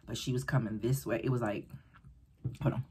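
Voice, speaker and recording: A woman vlogger casually telling a story while eating, animated and rambling, acting out the voices of people she quotes. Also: a bass voice, fairly quick. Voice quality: very breathy, husky.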